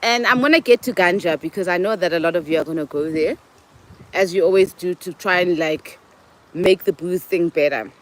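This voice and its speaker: A South African woman hosting a show, talking casually and telling animated stories, often acting out other people's voices and mixing in local words. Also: lowish voice, a little fast, rough recording. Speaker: host. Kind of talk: casual monologue.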